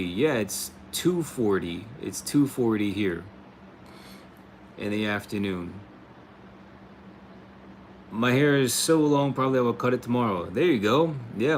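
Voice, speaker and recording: A man's voice: mid-range voice, a little hiss or hum. Laid-back man hosting a livestream. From United States. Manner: laid-back, laughs often, says "bro" and "dude". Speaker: livestream host answering chat. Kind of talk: casual livestream chat.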